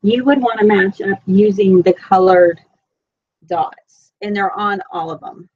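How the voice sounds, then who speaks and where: The audio is narrow and tinny, picked up by a computer mic, as a woman with a Southern Florida accent speaks unhurriedly at medium pitch. A sewing instructor, she rambles and jokes at her own expense while teaching a live sewing stream from home.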